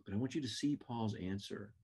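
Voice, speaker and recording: A man's voice: on the low side, brisk, a little mellow, slightly rough. A man teaching a Bible class lesson in an earnest, reflective way.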